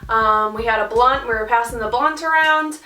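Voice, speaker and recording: Animated young woman. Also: on the high side, normal speed, distant mic. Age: young adult. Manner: animated, swearing, filler-heavy. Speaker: vlogger. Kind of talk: casual storytime. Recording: roomy sound, off-mic.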